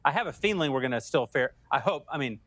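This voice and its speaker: An earnest man talks fast as a guest commentator, hedging and restarting often. His voice is dry and close to the mic. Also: medium pitch, animated, a bit bright, no room sound. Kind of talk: casual political chat.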